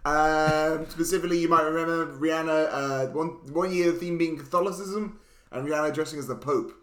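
A man's voice: fairly high pitch, steady tone, brisk, reverberant. A man co-hosting a casual film podcast, wryly joking while he presents film facts. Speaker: podcast co-host. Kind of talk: casual chat.

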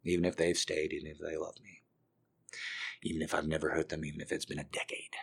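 A man giving an intense confessional monologue, swinging between hushed and loud. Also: extremely low pitch, flat delivery, fast talker, creaky, husky.

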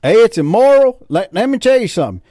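Casting: a man putting on a furious Southern country man with a Southern drawl, shouting threats in a high, strained voice; a dry, close sound. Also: sing-song, fast talker, dry recording. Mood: ranting.

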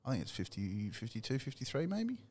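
A man's voice: medium pitch, huge pitch swings, brisk, darkish tone. A middle-aged Australian man in casual sports chat, laid-back, swearing freely and laughing often. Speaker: podcast co-host.

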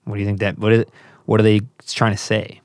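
A man's voice: on the low side, completely flat delivery, fast, no echo, studio quality. A man in casual conversation who keeps asking probing questions. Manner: probing, asks repeated questions.

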